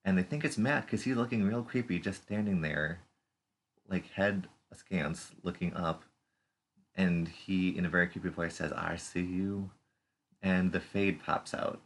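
This man, a podcast co-host with a deep voice, talks at normal speed while casually going over a TV episode. He's playful, cracking jokes, making puns, and putting on silly voices.

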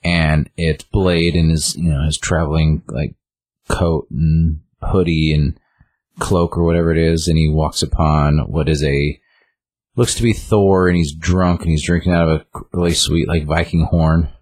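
Low husky man retelling comics. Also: little pitch movement, unhurried, a little mellow. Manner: retells scenes, quoting characters in raised voices. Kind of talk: casual comic book discussion podcast.

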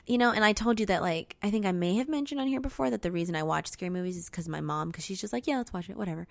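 A young woman co-hosting a podcast, chatting casually and acting out what people said in lively voices. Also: mid-range voice, quick pace, vocal fry. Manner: animated, acts out quotes in voices. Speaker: podcast co-host. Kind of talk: casual chat.

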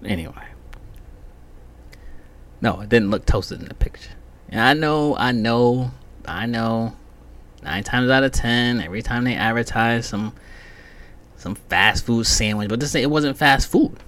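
A man's voice: medium pitch, measured pace, pauses often, fairly bright tone. A man hosting his own podcast, telling a heated, profanity-heavy story in a casual rant. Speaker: podcast host.

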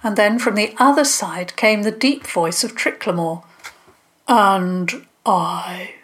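A woman narrating a children's story in a gentle, unhurried reading. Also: medium pitch, expressive.

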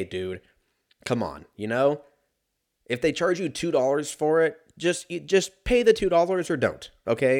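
A man telling a story in a casual, profane, rambling and sarcastic rant. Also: medium pitch.

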